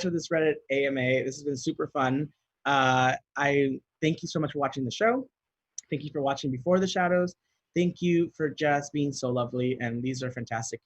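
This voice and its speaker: A man's voice: medium pitch, no echo, highs cut off. A man answering fan questions in a casual video, chatty and giggly, reading each question aloud and then rambling through his answer.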